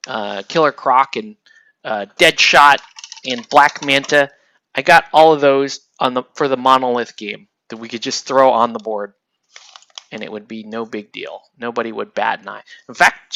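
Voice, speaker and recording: A man hosting a casual livestream, rambling excitably and laughing often while he paints miniatures. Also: medium pitch, normal speed, gravelly. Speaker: livestream host.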